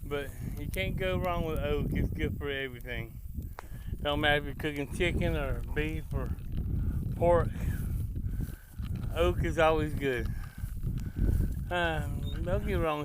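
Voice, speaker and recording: A man's voice: on the high side, moderate pace, pauses often, noisy background. A man with a Tennessee Southern accent, chatting casually outdoors by his grill to his vlog viewers in a folksy, rambling way. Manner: folksy, rambling, country slang. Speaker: barbecue vlogger. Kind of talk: casual outdoor chat to camera.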